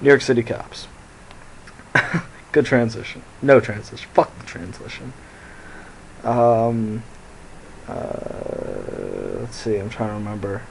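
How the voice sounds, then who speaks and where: A man's voice: fairly low pitch, animated, slow pace, vocal fry, pauses often, a little hiss or hum, low-quality recording. A young man telling a rambling, profane story into his phone and laughing at his own jokes. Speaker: vlogger. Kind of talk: casual storytelling to camera.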